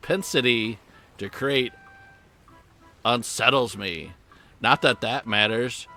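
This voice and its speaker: A man voicing a cold, scheming male ship master in a game, with a raspy voice. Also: mid-range voice, pushed and bright, heavily acted. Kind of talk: reading game dialogue aloud.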